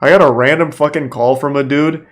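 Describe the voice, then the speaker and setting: A man streaming his reaction to a video, making deadpan, profane asides in casual commentary. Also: on the high side, a little fast.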